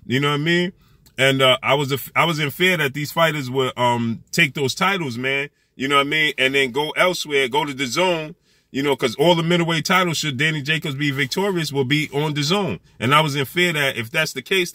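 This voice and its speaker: A man hosting a boxing news vlog in casual commentary, talking in an animated, slangy way and repeating himself as he reads quotes aloud. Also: fairly high pitch, dry recording, studio quality.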